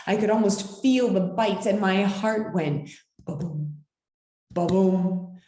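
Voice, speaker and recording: A woman's voice: mid-range voice, a little slow, warm tone, echoey room. A woman reading a children's picture book aloud as storyteller, with dramatic, swooping delivery.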